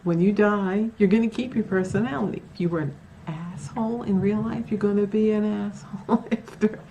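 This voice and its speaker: A paranormal vlogger tells her own ghost stories to the camera at home, near a bedroom, chatting casually with lots of fillers and acted-out quotes. Her mid-range voice is steady and dark, at a moderate pace. The recording is muffled, with a little hiss or hum.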